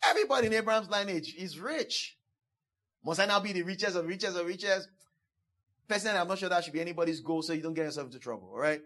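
Emphatic high-voiced male preacher. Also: fast talker, fairly bright tone. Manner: emphatic, repeats phrases for the congregation; acts out quoted speakers in a playful voice. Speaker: pastor. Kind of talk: sermon.

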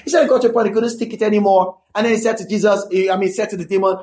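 A man with a notably high voice preaches a sermon. He talks emphatically, repeats key lines for effect, and keeps checking in with his listeners between points. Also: fairly even intonation, racing, a little mellow. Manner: conversational asides to the listeners.

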